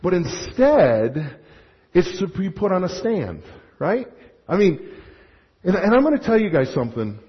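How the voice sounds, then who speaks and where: A male pastor preaching a sermon in an animated way, acting out little scenes and restarting his sentences. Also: high voice, measured pace, long pauses. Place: church sanctuary. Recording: muffled sound with long hall reverb.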